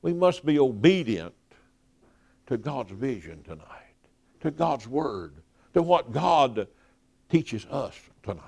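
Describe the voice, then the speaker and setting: A man's voice: mid-range voice, big pitch swings, slow pace, creaky, pauses often, a little mellow, husky. Emphatic preacher man. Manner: emphatic, with repeated words and falling phrase ends. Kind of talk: evening sermon.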